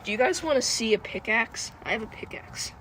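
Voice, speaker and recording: A woman's voice: a little high, animated, brisk, fairly bright tone. Giggly woman livestreaming over outdoor noise. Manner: giggly, rambling, chatty with viewers. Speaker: livestream host. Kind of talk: casual livestream chat. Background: wind and passing cars.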